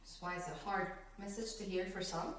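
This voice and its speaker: In an echoey room picked up by a distant mic, with slight background noise, a Bible teacher of medium pitch speaks at normal speed. She leads a conversational Bible study, reading verses, laughing between them, and explaining with animation.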